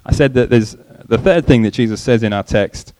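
A man preaching a sermon, in a conversational way, often repeating words and pausing. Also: medium pitch, dark tone, slight background noise, low-quality recording.

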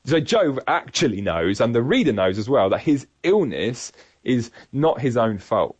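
A man giving a sermon-style Bible teaching in an earnest, measured, reflective way. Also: medium pitch, very animated, slightly rough, dry recording. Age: adult parent. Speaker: preacher.

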